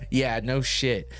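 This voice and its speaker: A man's voice: medium pitch, fairly bright tone. A man hosting a podcast, recapping fights in a rambling, casual way with lots of cursing and restarts. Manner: rambling, profane, with frequent restarts and laughs. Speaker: podcast host.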